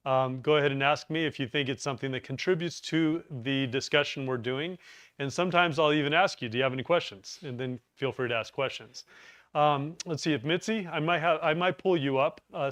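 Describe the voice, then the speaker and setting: A man's voice: on the high side, a bit bright, dry recording. Chatty man teaching a live class. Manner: chatty, joking, rambling asides. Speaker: preparedness course instructor. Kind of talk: live class presentation with jokes. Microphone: lapel mic.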